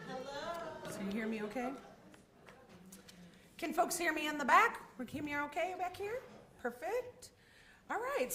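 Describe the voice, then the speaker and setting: A woman's voice: a little high, a bit bright. Woman opening a ceremony in an echoey room. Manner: earnest, with frequent ums. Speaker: program manager hosting a ceremony. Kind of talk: formal ceremony welcome speech. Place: event room with an audience.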